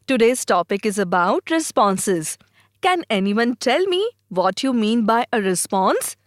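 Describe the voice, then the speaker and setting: A woman with an Indian English accent teaching a scripted English lesson in a clear, expressive, teacherly way. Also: fairly high pitch, takes it slowly, no echo, clean studio sound.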